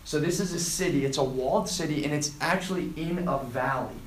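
A man preaching to students, retelling a scripture story and acting out the quoted lines with lively emphasis. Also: on the high side, brisk, echoey room, a little hiss or hum, rough recording. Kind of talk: sermon to a student group.

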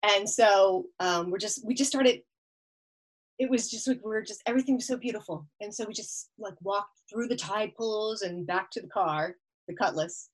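A woman's voice: mid-range voice, moderate pace, rough recording. A woman telling a long story as a podcast guest, laughing often as she talks. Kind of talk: casual storytelling.

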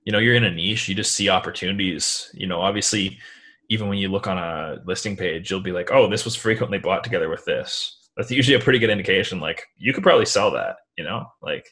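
A man with a deep, low voice talks through his answers in a relaxed interview. His delivery is loose and meandering, full of casual fillers. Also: fast talker. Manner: relaxed, rambling, many "like" fillers. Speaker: guest, online seller.

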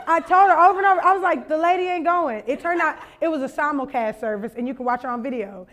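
A young woman from Louisiana speaks at a conference, her voice sitting high. She tells comic stories full of acted-out voices and laughter, then turns them into preaching. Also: fast talker. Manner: animated, laughing, acts out voices in anecdotes. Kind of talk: storytelling sermon.

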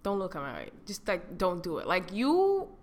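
A young woman co-hosting a podcast, telling a story in casual chat with lots of profanity and sudden loud outbursts. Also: fairly low pitch, normal speed, a little hiss or hum. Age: young adult. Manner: animated, swings to loud outbursts and mock voices; heavy profanity, slangy. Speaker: podcast co-host.

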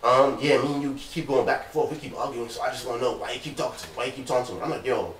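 A man's voice: mid-range voice, rapid-fire, slight background noise. A man co-hosting a casual talk show, telling a long story and acting out the lines of the people in it. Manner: animated storyteller, acts out quoted lines. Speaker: co-host. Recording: echoey room, distant mic.

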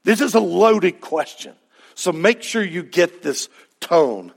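A male pastor preaching a sermon in a conversational, emphatic way, with sudden loud peaks. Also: high voice, animated, slow pace, vocal fry, husky.

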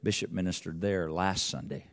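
Man, middle-aged, preacher, rambling storytelling sermon, lowish voice. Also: normal speed. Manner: rambling, restarts, rises in pitch and volume as the story builds.

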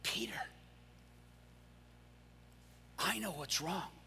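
A man voicing Jesus as a calm, soft-spoken man, slow and gentle. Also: high voice, long reverb tail, heavily acted. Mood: patient.

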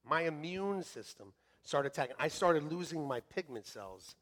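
A middle-aged male pastor preaching a sermon in church, joking and animated, swinging from shouting to hushed. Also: a little high, moderate pace. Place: church sanctuary.

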